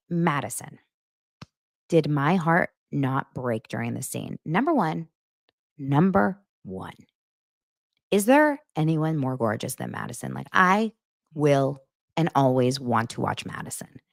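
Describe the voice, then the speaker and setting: A woman's voice: very deep voice, big pitch swings, measured pace, vocal fry, no echo, clean studio sound. A woman in her thirties hosting a show, chatting casually and gushing with lots of fillers. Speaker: podcast host recapping reality TV.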